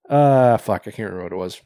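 A man's voice: on the low side, dark tone, dry recording. Laughing, rambling man recapping a movie. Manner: rambling, swears, laughs often, acts out quoted characters. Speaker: podcast co-host. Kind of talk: casual movie recap chat.

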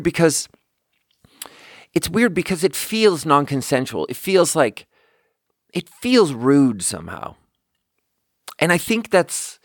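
A man's voice: medium pitch, no room sound, clean studio sound. A young man hosting a podcast, telling stories in a rambling, profane, casual monologue with bursts of laughter. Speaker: podcast host.

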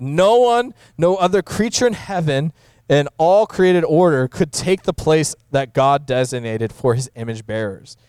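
A man, a pastor, teaching through a Bible passage in a casual, conversational way, with many fillers and rises in pitch for emphasis. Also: a little mellow, clean tone, dry recording, studio quality.

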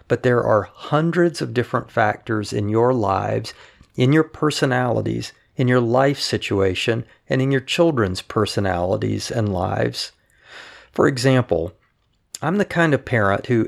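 A man with a somewhat low voice and a lot of gravelly fry reads written words aloud. His delivery is calm and measured, like a husband sharing his wife's letters. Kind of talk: reading written updates aloud.

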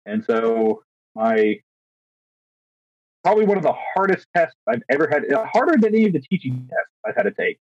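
A man's voice: mid-range voice, moderate pace. A young man, a teacher and podcast co-host, casually telling a story, acting out quotes with lots of restarts and fillers. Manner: animated, acts out quotes, frequent restarts and fillers. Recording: dry, dull lo-fi recording.

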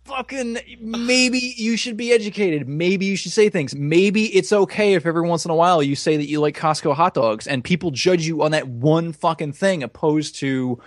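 Podcast co-host, male, slightly high voice, rambling and profane, dry close recording. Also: moderate pace, hardly any pauses, no room sound. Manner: rambling, profane, self-deprecating. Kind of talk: casual chat.

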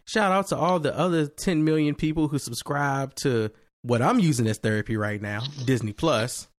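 A man from Virginia hosting a podcast, talking loose, slangy and animated. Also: medium pitch, normal speed, no echo, clean studio sound. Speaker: podcast host. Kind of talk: casual podcast chat.

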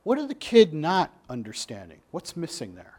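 A man preaching a sermon with passion, swinging between loud emphatic lines and quiet, dropped asides. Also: fairly high pitch, wildly swooping pitch, normal speed, slight background noise. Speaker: pastor.

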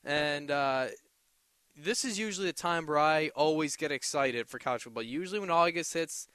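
A man's voice: a little high, normal speed, bright, forceful tone, clean tone, dry recording, clean studio sound. A young man hosting a casual solo sports podcast, rambling with many restarts as he recounts his day. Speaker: podcast host.

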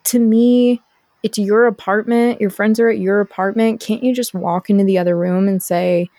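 A woman's voice: mid-range voice, moderate pace, no room sound, studio quality. A young woman, a podcast guest, telling a personal story in casual chat and acting out the people in it. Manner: animated, acts out quoted people.

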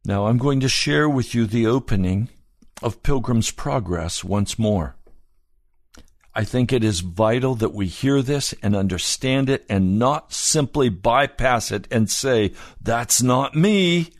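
A man delivering a sermon in a mid-range voice. He tells stories calmly and then builds to impassioned, pleading appeals. The sound is dry and close, with no room echo. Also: mid-range voice, unhurried. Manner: impassioned, rising to fervent pleading. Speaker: preacher.

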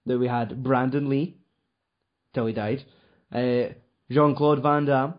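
Steady in tone, medium in pitch and slow, a male podcast host rambles through casual talk full of fillers and frequent swearing. The lo-fi recording is dull.

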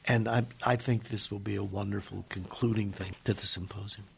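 A man's voice: on the low side, fairly even intonation, fairly quick, creaky, slight background noise. A man interviewed as a scientist guest, telling stories with enthusiasm and acting out what others said. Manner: enthusiastic storyteller, acts out quoted voices. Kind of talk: animated radio interview.

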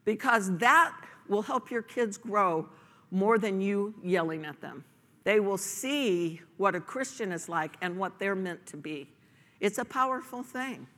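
Woman pastor, bright, forceful sermon delivery in a reverberant church hall; emphatic rhetorical questions. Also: medium pitch, expressive, measured pace.

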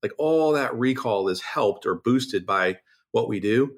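A man who owns a business, a podcast guest, telling stories in a casual, animated and blunt way, often acting out conversations. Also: mid-range voice, a little slow. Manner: animated, acts out quoted conversations; blunt, occasional profanity. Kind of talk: casual interview storytelling.

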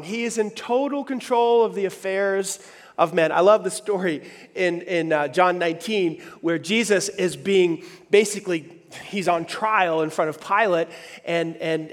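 A pastor preaching a lively sermon, acting out the voices he quotes. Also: sits high. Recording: long hall reverb.

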